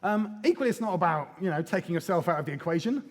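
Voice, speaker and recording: A man's voice: sits high, fast talker. Irreverent man speaking in a reverberant hall. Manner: lively and irreverent, with casual swearing and acted quotes. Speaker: conference speaker. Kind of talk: live conference talk.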